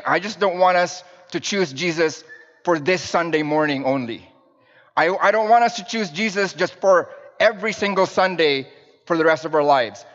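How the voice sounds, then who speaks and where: A man in his thirties preaching a sermon as a minister, telling family stories in a conversational, storytelling way to the congregation. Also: high-pitched. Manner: warm storytelling with fillers and restarts, addressing the congregation. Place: church sanctuary with pews. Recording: dull sound in a reverberant church hall.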